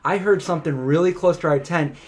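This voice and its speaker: Brief: male co-host, slightly higher voice, animated casual storyteller, loose and chatty. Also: brisk. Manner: animated, chatty, many "like" fillers. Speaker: co-host of a live Q&A stream.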